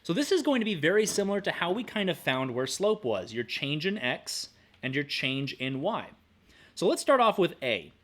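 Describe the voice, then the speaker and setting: A young male math teacher walks through a screen-recorded lesson with a playful, upbeat manner. His voice sits a little high and moves animatedly, jumping around as he explains and hums to himself. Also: very animated, normal speed. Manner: upbeat, playful, hums and says "boop" while working.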